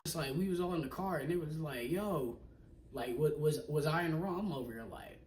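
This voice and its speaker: A young man casually telling a personal story in slangy talk, acting out what people said and often dropping to a hush. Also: fairly high pitch, a little fast. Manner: animated, slangy, acts out quoted people, often drops to a hush. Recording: echoey room, mic at a distance, faint noise.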